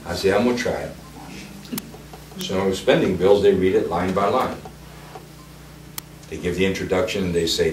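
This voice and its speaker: A man's voice: low voice, normal speed, long pauses, far from the mic, a little hiss or hum. A man telling colorful, blunt political stories and acting out the quotes. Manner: colorful, blunt, acts out quotes with big swings in loudness. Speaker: former congressman telling stories. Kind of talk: animated storytelling speech. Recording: echoey room, speaker away from the mic.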